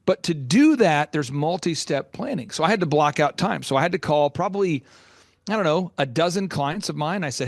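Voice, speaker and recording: A middle-aged man, a business coach guest, telling stories with passion and sometimes getting loud. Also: fairly high pitch, expressive, no room sound, clean studio sound. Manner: passionate, loud at times, rapid storytelling. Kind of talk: energetic storytelling interview.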